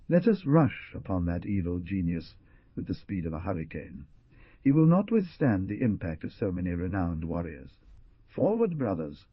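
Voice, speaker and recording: A man's voice: low voice, husky, dry recording, heavily acted. A man voicing a fierce male war chief who rallies his warriors in a declamatory way. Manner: rousing, declamatory. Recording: dull dry lo-fi.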